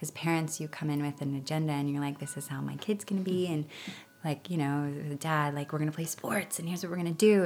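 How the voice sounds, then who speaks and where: A woman in her thirties chatting as a guest, telling lively stories and acting out what others said. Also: low-pitched, fast talker, few pauses. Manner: animated storytelling with laughs and acted-out quotes. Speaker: guest parent. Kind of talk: casual interview chat.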